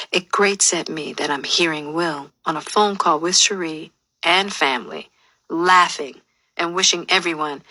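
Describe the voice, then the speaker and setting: A woman's voice: lowish voice, sharp tone, no echo. A woman narrating her own memoir as an audiobook, telling her story in a candid, emotionally open way.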